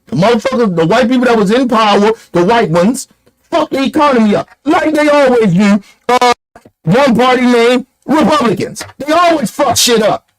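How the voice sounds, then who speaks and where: A man with a strikingly high-pitched voice delivers a heated commentary rant. He talks bluntly and profanely, hammering his points with rhetorical questions. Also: moderate pace, low-quality recording. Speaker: online commentator.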